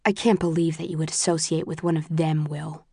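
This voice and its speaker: A woman's voice: deep voice, level tone, brisk, creaky, warm tone, breathy edge, dry recording, studio quality, full character voice. A woman voicing a hostile, bitter young woman who talks with sneering contempt, in an audiobook reading.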